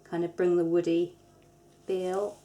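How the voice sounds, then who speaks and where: A woman's voice: lowish voice, level tone, a little slow, warm tone. A woman, hosting a craft tutorial in a casual, chatty manner with light self-deprecating humour. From England. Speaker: soap maker, tutorial host.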